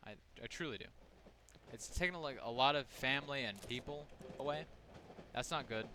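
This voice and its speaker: Rambling young man with a bright voice. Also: mid-range voice, a little hiss or hum. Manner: rambling, halting, many fillers and restarts. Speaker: gaming channel host. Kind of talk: casual gameplay commentary.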